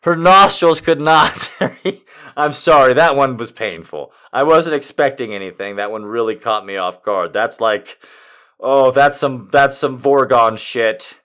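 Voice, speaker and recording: A man's voice: medium pitch, a little slow, fairly bright tone, clear, resonant tone. A man reading erotic poems aloud for comedy, breaking off to laugh and make incredulous asides. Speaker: comedic reader.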